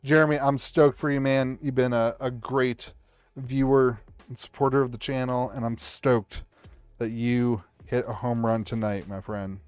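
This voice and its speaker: A man's voice: medium pitch, unhurried, clear, resonant tone, dry recording, soft background music. A man hosting a live stream, opening card packs for viewers, cheering big pulls and rambling with many restarts. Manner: excitable, hypes up pulls with cheers and shouts; rambling, restarts sentences often. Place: home streaming setup at a table.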